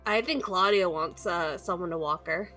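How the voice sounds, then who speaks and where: A woman player in a tabletop game, trading quick, laughing comebacks. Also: on the low side, pushed and bright, soft background music. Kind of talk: tabletop role-play banter.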